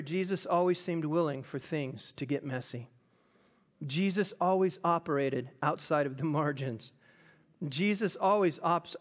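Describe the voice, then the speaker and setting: A man preaching a sermon, animated and acting out quoted voices. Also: high-pitched. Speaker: pastor.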